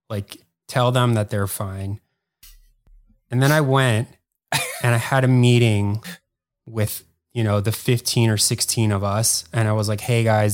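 A man speaking as a guest on a podcast, telling a long story in a rambling, casual way and filling it with "like". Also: on the low side. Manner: rambling, heavy use of "like", quick bursts. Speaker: podcast guest, former editor.

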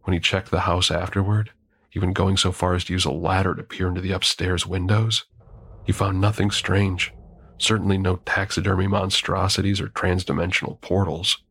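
A man narrating a horror story in a measured, grim first-person telling. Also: low voice, little pitch movement, a bit bright, breathy edge.

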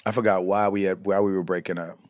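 A man from Chicago, a comedian guest, telling casual stories in a profane, animated way and acting out the people in them. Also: sits low, fast. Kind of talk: casual storytelling chat.

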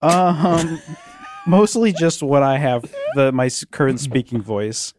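A man in casual comedic banter, hesitant and halting, with many ums. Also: mid-range voice, background noise. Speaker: comedy podcast regular getting married.

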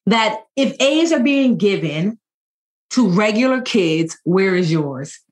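A woman in her forties, a financial educator and podcast guest, telling stories in a lively, joking way. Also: medium pitch, slow. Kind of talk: conversational podcast interview.

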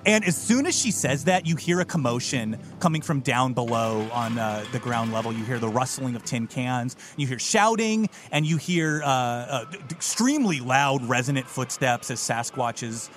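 A man narrating as game master of a comedic tabletop game, playful and quick to laugh. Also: mid-range voice, a little hiss or hum.

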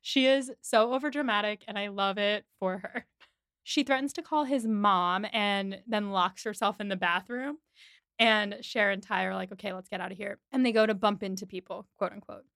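Smooth-voiced woman recapping a film. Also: mid-range voice, moderate pace, no echo, clean studio sound. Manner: animated retelling with quoted voices, frequent laughs. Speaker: podcast co-host. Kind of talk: casual chat recapping a film.

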